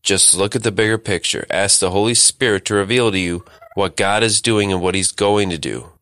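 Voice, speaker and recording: A man's voice: lowish voice, moderate pace, a bit bright, no echo, clean studio sound. A man leading a Bible study, reading scripture and exhorting listeners earnestly.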